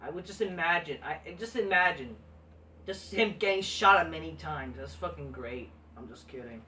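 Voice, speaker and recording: Bright-voiced woman ranting, profane and sarcastic. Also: low voice, animated, moderate pace, far from the mic, slight background noise. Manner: profane, repeats "like" and restarts often, sarcastic. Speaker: wrestling show reviewer. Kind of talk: ranting show review.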